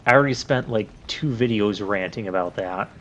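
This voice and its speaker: A man's voice: on the low side, fairly quick, fairly bright tone, lo-fi sound, a little hiss or hum. A man hosting a let's play, giving chatty, joking, rambling commentary over recorded gameplay.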